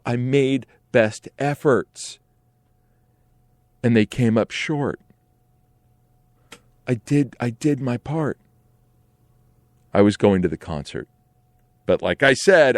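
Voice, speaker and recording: A man in his forties tells a comic personal story with animated, profane, wandering energy. His voice sits at an ordinary middle pitch and swings up and down as he gets worked up. The sound is dry and close. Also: dry recording. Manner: animated, profane, digressive storyteller with frequent "like" and "right?". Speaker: host telling a story.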